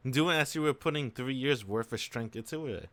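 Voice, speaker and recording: A man's voice: medium pitch, expressive, normal speed, bright, forceful tone, no room sound. A man streaming a visual novel, musing aloud in casual slang as he reacts to the story. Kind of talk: casual let's-play commentary.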